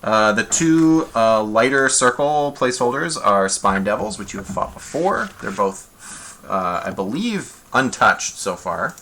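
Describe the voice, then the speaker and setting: A man's voice: lowish voice, animated, unhurried, sharp tone, a little hiss or hum. A man running a tabletop game as game master, laid-back and chatty, on a desk mic.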